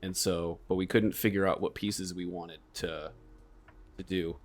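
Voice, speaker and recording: A man's voice: low voice, steady tone, measured pace. A man in his late twenties hosting a casual podcast chat, laid-back and trailing off at times. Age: 20s. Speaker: podcast host.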